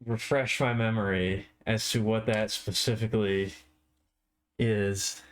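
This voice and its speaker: A tired man chatting casually on a live art stream, with a slow, drowsy, stoner-like drawl. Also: fairly low pitch, level tone.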